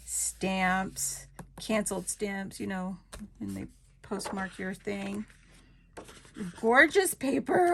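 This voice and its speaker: A woman showing off craft paper in a casual haul video, gushing with delight, dropping into soft asides and a little out of breath. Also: mid-range voice, creaky, slight background noise. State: a bit out of breath. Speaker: craft vlogger.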